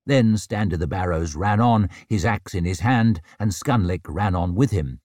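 A man giving measured, grave narration of a dark fantasy audiobook. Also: low-pitched, no room sound, studio quality.

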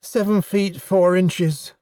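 Proud, eager goblin science officer, voiced by a male narrator; higher, excitable storybook voice, dry booth. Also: slow pace, dry recording. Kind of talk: audiobook character voice.

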